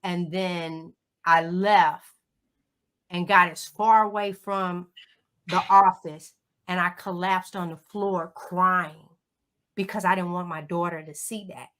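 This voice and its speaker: Bright-voiced woman telling a grief story. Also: lowish voice, takes it slowly. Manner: emotional, animated storytelling with Southern turns of phrase. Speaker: guest. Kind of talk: personal storytelling. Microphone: livestream call.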